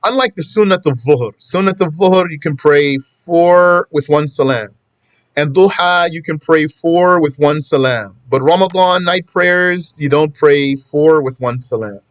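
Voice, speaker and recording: A man's voice: a little high, a little slow, dry recording. A man teaching a casual religious lesson, talking conversationally and repeating his points for emphasis. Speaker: Islamic teacher.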